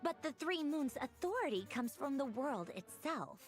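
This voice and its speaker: A woman voicing an intense scholarly researcher in a game, who theorizes aloud in a measured, formal way. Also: high-pitched, very animated, soft background music. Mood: pensive. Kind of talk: game voice acting.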